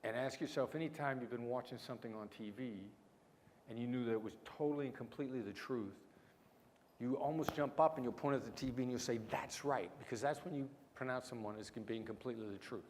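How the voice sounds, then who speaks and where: A middle-aged man with a mix of small-town Midwestern and New York City accent, giving a punchy keynote with dramatic pauses. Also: medium pitch, a little mellow. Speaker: keynote speaker, negotiation expert. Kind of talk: conference keynote storytelling. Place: large lecture hall. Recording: hall reverb, faint room noise.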